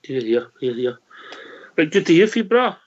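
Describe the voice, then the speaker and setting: Scottish male host, jokey and brisk, slightly high voice, dull lo-fi line. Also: sing-song. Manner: jokey, brisk, leads the talk. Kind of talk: casual call-in chat.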